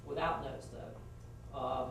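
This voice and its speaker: A man's voice: medium pitch, fairly even intonation, takes it slowly, creaky, fairly bright tone, slight background noise. Man, middle-aged, frank critique, distant mic, roomy classroom echo. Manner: frank, folksy, acts out example questions. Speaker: judge critiquing a student mock trial. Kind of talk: spoken feedback to students. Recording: echoey classroom from far off.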